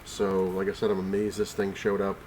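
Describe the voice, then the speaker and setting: A man's voice: low voice, monotone, brisk, darkish tone, slight background noise. A man vlogging from his couch while sick and out of breath, rambling casually with many fillers and restarts. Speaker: comic collector vlogger. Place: home, on the couch.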